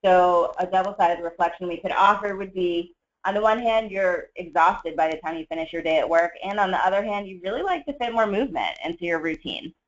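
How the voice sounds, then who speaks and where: Trainer leading a webinar; calm explanatory delivery, average pitch, dull lo-fi audio. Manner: measured, explanatory, with frequent fillers. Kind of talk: webinar teaching.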